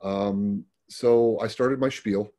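In plain, conversational storytelling, a middle-aged paramedic guest recounts experiences from his work and restarts frequently. He speaks slowly in a voice on the low side, dark in tone and steady.

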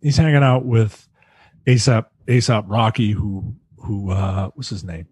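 A man hosting a casual film review podcast, recapping scenes in a halting way with many ums and uhs. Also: lowish voice, fairly even intonation, darkish tone, husky, no echo.

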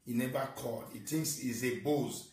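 Nigerian guy ranting and scolding over and over, loud then mumbly, sounds far from the mic in an echoey room. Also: mid-range voice, normal speed. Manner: scolding, repetitive, swings from shouting to muttering. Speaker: social media ranter. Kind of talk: angry rant in Pidgin and English.

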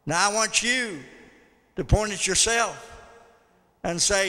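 A man's voice: high-pitched, slow pace, pauses often, bright, forceful tone. A man preaching a sermon as pastor, telling folksy stories and calling out to the congregation. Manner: folksy storytelling with audience call-outs. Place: church sanctuary. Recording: long church hall reverb.

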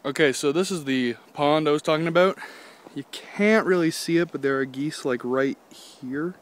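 A man's voice: fairly high pitch, normal speed, slight background noise. Rambling young man outdoors. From Canada. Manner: rambling, joking, swears casually. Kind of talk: casual walking vlog. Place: outdoors on a golf course by a pond. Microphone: handheld phone.

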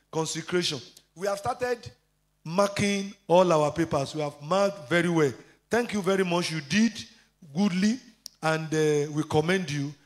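A man preaches a sermon in a high-pitched voice. He moves through scripture references and personal testimony, with the occasional filler. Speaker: pastor.

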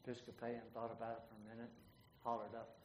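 A man hosts a leadership forum, telling a joke at an easy storytelling pace and then introducing the next speaker. He fills pauses with uh and clears his throat now and then. His voice sits at an average pitch and carries a noticeable room echo. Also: monotone, a little mellow. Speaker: forum moderator. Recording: echoey room with faint noise.

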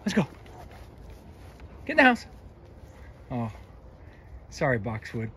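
A man's voice: mid-range voice, wildly swooping pitch, slow, sharp tone, a little hiss or hum. A man hosting a dog vlog at home, chatting fondly and repeating commands to his dogs in the yard and house. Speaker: dog channel host. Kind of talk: casual vlog talk.

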